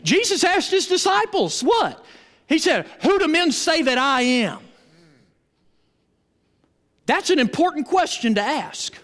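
A man preaching in a church with a strikingly high voice that swoops all over. He works the congregation in call-and-response, emphatic and animated. The sound hangs in a long hall reverb. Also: unhurried, pauses often. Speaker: pastor. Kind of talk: sermon.

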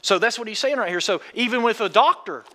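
A man preaching a sermon with a high, bright voice that swings widely in pitch. He talks in a folksy way and keeps asking his listeners questions, and his voice rings out with a long hall reverb. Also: lively intonation, fast talker. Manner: folksy, asks the congregation questions.

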